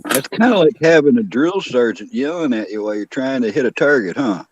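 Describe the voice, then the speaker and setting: A man's voice: mid-range voice, expressive, fairly quick, no room sound, muffled recording. A man with a mid-range voice adds wry jokes to a laid-back conversation. He speaks in short remarks, and the sound is dry and close. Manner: wry, joking comments. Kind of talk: casual chat.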